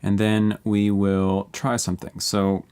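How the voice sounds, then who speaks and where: A man's voice: on the low side, monotone, slow pace, a little mellow, clear, resonant tone. A man casually walking viewers through building a beat live and thinking aloud as he edits tracks. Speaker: music producer streamer. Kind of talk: live beat-making walkthrough.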